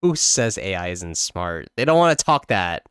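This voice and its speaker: A man hosts a casual drawing livestream with a smooth, clear voice. He jokes and sounds exasperated, swearing freely as he chats. The recording is close and dry. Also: deep voice, sing-song, moderate pace, a bit bright, no room sound. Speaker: livestream host. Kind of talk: casual chat while drawing.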